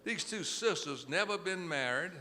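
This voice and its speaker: A man telling clean jokes to an audience at a country club, acting out each character in an unhurried storytelling manner. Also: on the high side, animated, bright, forceful tone, long reverb tail. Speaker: inspirational speaker telling jokes. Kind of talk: stand-up joke telling. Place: country club event room.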